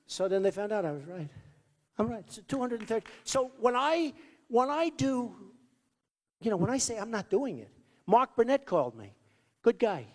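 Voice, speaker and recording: A man's voice: extremely high pitch, big pitch swings, moderate pace, long reverb tail. Rambling, boastful man in his sixties at a rally. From New York, United States. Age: 60s. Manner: rambling, boastful, repetitive asides. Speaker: political candidate. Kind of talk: campaign rally speech. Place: large hall with a crowd.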